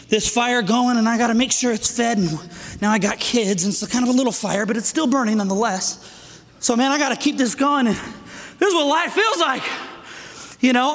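A middle-aged man preaching a sermon to men, energetic and out of breath, calling for amens. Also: extremely high pitch. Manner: energetic, calls for amens, asks "right?". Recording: echoey hall with long reverb.

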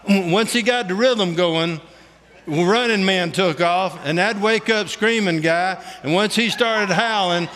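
A man's voice: sits high, measured pace, bright, forceful tone. A middle-aged man giving a folksy, humorous testimony sermon, speaking colloquially with lots of "ain't" and "you know". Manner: colloquial Southern-style grammar, "ain't". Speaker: preacher. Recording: long hall reverb.

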